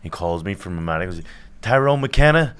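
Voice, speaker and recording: A man guesting on a podcast, telling anecdotes in animated, casual banter. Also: sits low, rapid-fire, smooth. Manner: animated storyteller, laughing through anecdotes.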